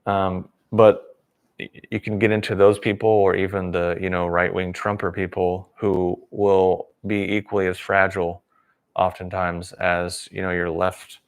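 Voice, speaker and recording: A man's voice: low voice, level tone, a little slow, clean tone. A man hosting a livestream, giving a rambling, sarcastic opinion monologue. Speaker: livestream host.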